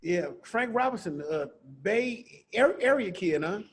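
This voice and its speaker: Male host, high husky voice, animated, stumbling questions. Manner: halting, repeats words while asking. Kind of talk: casual interview.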